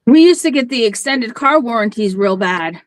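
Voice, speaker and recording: A woman's voice: fairly high pitch, expressive, normal speed, dry recording, rough recording. A woman co-hosting a casual live chat, giving short answers and dry jokes. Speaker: co-host.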